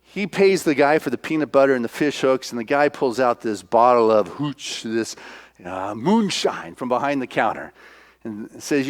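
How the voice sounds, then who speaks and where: A man's voice: medium pitch, expressive, normal speed. A man preaching a sermon, retelling a film in a casual storytelling way, full of fillers. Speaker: minister.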